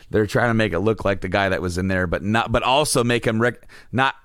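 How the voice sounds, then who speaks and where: Guy chatting on a podcast, lowish voice, laughs a lot, dry close sound. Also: a little fast, no echo. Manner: animated storyteller, laughs often, acts out quotes. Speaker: podcast co-host. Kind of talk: casual chat.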